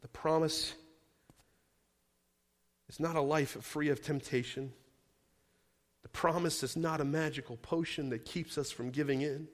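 A man's voice: on the high side, steady tone, unhurried, pauses often. A man preaching a sermon as pastor, stacking repeated phrases with strong emphasis. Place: church sanctuary. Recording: long hall reverb.

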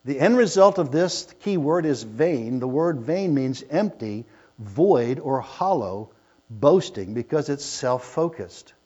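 A man preaching a sermon, emphatic, moving between loud declamation and quiet asides. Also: mid-range voice, lively intonation, measured pace, slightly rough. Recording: lo-fi with mains hum.

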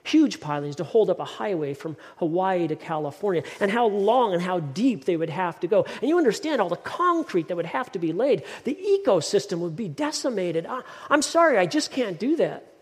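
A man's voice: on the high side, unhurried, gravelly. A man voicing a male genie from a bottle, hesitant and fumbling his excuses, in a sermon joke. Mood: apologetic. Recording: long hall reverb.

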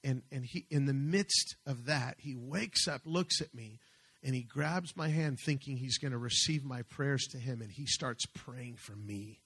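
A man preaching a sermon as pastor, fervent, slowing and swelling as he reads scripture. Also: medium pitch, a bit bright, breathy edge.

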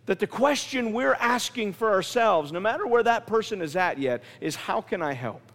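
A man preaching a sermon as pastor, animated and acting out the voices of people in his stories. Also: sits high, moderate pace, big-room sound.

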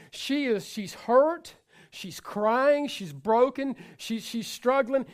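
A man's voice: very high-pitched, slow pace. A man preaching a sermon to his congregation, talking in a loose, conversational way with frequent repetitions and asides. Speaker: pastor.

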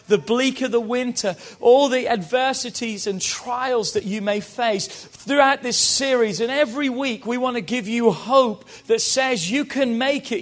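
High-voiced British pastor preaching. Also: male voice, a bit bright. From Britain. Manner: rousing, calls the congregation to repeat after him. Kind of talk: sermon.

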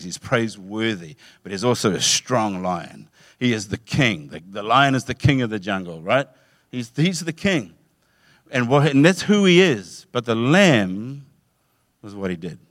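Guy preaching a sermon, acts out the story in voices, mid-pitched, dry close sound. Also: no echo. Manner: animated storytelling, acting out voices with laughs.

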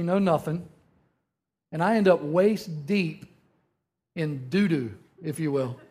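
A man's voice: sits high, darkish tone. Joking storytelling preacher, a man in his thirties. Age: 30s. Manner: humorous storytelling, often asks "right?". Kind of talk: conversational sermon.

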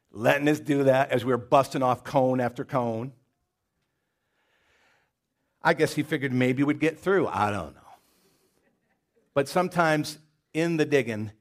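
A man's voice: mid-range voice, a little slow, pauses often. A man preaching a sermon in a folksy, conversational way, with jokes and stories and a Southern US accent. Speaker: pastor. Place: church.

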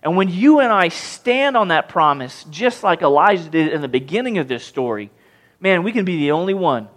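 A pastor preaching a sermon, animated and questioning his congregation. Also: fairly high pitch, moderate pace. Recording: long hall reverb.

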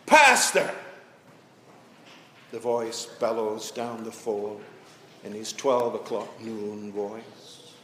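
A man preaching a sermon as pastor in a church, reading scripture and telling a story with slow, deliberate pauses. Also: fairly low pitch, little pitch movement, a little mellow, slight background noise. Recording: echoey church from a distance.

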